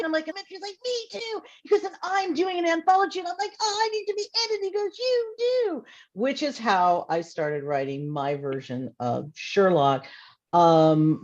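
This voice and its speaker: Chatty woman with a mellow, muffled voice. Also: low voice. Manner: chatty storytelling with lively re-enacted dialogue. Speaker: author panelist. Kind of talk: casual panel talk. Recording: slightly muffled audio.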